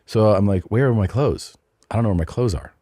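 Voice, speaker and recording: A man's voice: on the low side, fairly quick, mellow, no room sound, studio quality. A middle-aged man hosting a podcast, telling a long rambling anecdote in casual chat, often restarting and adding asides. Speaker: podcast host.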